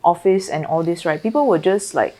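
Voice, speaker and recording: A woman's voice: on the low side, fairly quick, warm tone. A young adult woman with a Malaysian English accent, co-hosting a casual podcast, talking in a thoughtful, weary way with many "like" fillers. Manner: thoughtful, tired-sounding, lots of "like" fillers. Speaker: podcast co-host. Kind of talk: casual chat.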